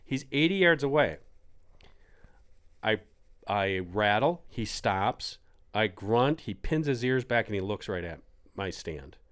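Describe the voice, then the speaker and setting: A middle-aged man telling a hunting story on a podcast in casual chat, acting out quotes with sudden jumps in pitch. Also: slow pace, pauses often, clean tone. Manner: animated, acts out quotes with big pitch jumps.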